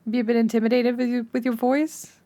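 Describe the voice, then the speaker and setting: A young woman talks casually to her live-stream chat in a slightly high voice. She giggles a lot, and her voice jumps up into excited squeals. The talk is loose and chatty, full of restarts and fillers. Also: fast talker.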